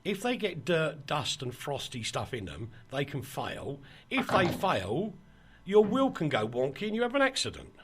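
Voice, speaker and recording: A man hosting a radio talk show, telling a story in a lively, laughing way and quoting people along the way. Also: fairly high pitch, normal speed, noisy background. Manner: animated, laughing storyteller with mock quotes. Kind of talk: casual chat, storytelling.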